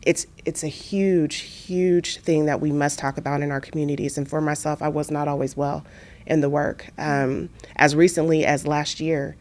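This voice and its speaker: An entrepreneur and author from Kansas talks earnestly about her work and faith as a guest in a reflective conversational interview. Her low-pitched voice moves at a moderate pace, testimonial in tone and animated when she retells stories.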